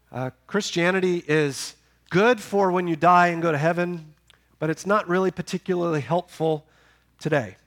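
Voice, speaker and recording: A man preaching a sermon, building to loud emphatic peaks and then dropping low and quiet. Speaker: pastor.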